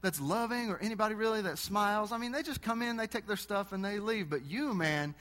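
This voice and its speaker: A man voicing a friendly, excited male gas station clerk who talks effusively. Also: high voice, a little fast, pitched above the performer's own voice. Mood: delighted. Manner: enthusiastic, effusive.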